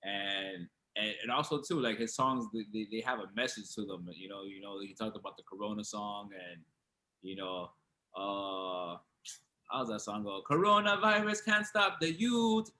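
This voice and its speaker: A man's voice: fairly low pitch, steady tone, normal speed, sharp tone, rough recording. A man hosting a podcast, rambling in casual chat full of slang and fillers. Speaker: podcast host and DJ.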